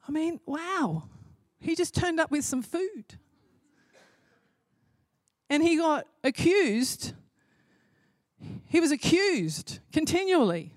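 A woman's voice: sits high, very animated, slow pace, pauses often, a little mellow, no echo, studio quality. A woman preaching a sermon in an impassioned way, building to emphatic repeated phrases.

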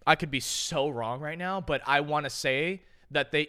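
A man's voice: a little high, normal speed, sharp tone, smooth. A young man hosting a podcast, chatting casually with loose, profane, joking banter. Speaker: podcast host. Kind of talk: casual reaction chat.

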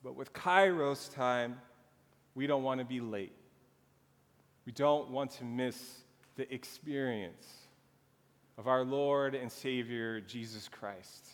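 A man pastor preaching a sermon slowly and earnestly, drawing out his phrases. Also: mid-range voice. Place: church sanctuary. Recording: long reverb of a church hall.

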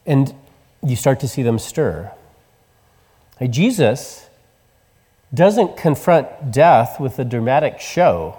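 A man preaches a storytelling sermon in a large church hall, his voice trailing off into a long reverb. He has a mid-pitched voice and goes soft and hushed for the tender moments. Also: very animated, takes it slowly, long pauses, husky. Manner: storytelling, drops to soft tender tones for quoted words. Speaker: pastor.

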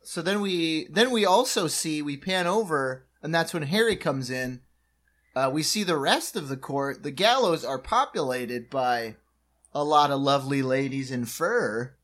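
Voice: medium pitch, measured pace. A podcast co-host joking and recapping a sitcom episode in casual chat. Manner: animated, jokey, laughs often.

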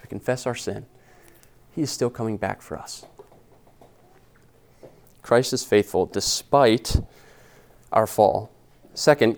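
A pastor's expository sermon comes across earnest and conversational, with scripture paraphrased in slangy, everyday terms. His voice is on the low side, creaky, and a little mellow.

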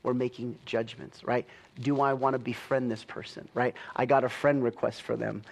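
A man's voice: mid-range voice, flat delivery, moderate pace, gravelly. A young adult man preaching a sermon in a chatty, easygoing way, laughing often and checking in with "right?".

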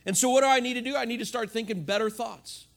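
Middle-aged male pastor, high voice, lively conversational sermon, asks the crowd questions. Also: fast, gravelly. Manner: animated, conversational preaching with rhetorical questions.

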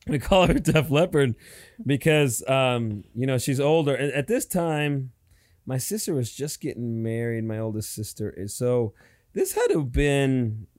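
A man's voice: mid-range voice, animated, unhurried, darkish tone, dry recording, studio quality. A man in his forties telling a rambling, profane story in casual chat, acting out what people said.

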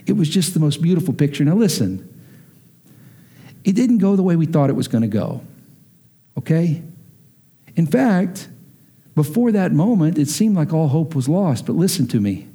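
A man from Texas preaching a sermon, telling a family story in a lively way and acting out the voices of the people in it. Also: a little high, normal speed, long pauses, husky. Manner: animated, acts out family members' voices. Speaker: pastor.

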